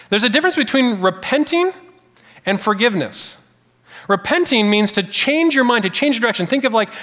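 A man preaches to his congregation in a high, lively voice, talking casually and calling out questions to the room. His words ring out in a long hall reverb of a church sanctuary. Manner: animated, conversational preaching with audience call-outs. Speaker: pastor. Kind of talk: sermon.

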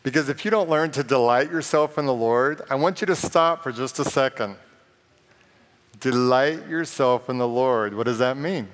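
A man's voice: medium pitch, brisk, hardly any pauses, a bit bright. A man preaching to a congregation, loose and joking, reading verses aloud. His voice sits in the middle range for a man. It rings out with the long reverb of a big church hall. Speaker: pastor. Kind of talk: sermon.

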